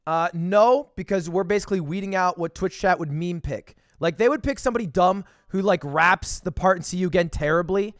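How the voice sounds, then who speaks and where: High-voiced, lively young male streamer. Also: no echo, clean studio sound. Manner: energetic, joking, quick to laugh. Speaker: streamer hosting a virtual talent show. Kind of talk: casual livestream chat. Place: home streaming setup, playing in VR.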